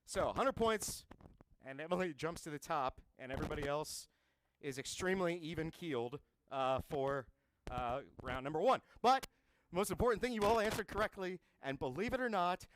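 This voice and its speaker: A man's voice: a little high, expressive, moderate pace, a little hiss or hum. A man hosting a live-streamed trivia game, chatty and wisecracking, with a self-mocking streak. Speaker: trivia host.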